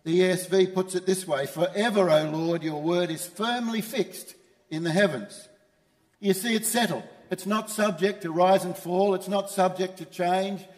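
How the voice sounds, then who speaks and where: A man's voice: high voice, normal speed, a little mellow, long reverb tail. A man preaching a sermon as pastor, emphatic and repeating his key phrases. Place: church.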